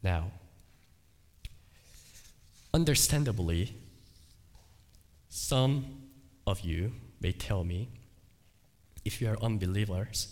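A male pastor preaching a sermon, emphatic, repeating his phrases and swinging between loud cries and quiet asides. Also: on the low side, takes it slowly, long pauses. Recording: long hall reverb.

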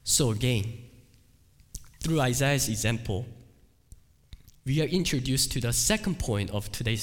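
A male pastor preaching a sermon in an emphatic, deliberate way, with dramatic dips and swells. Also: mid-range voice. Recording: long hall reverb.

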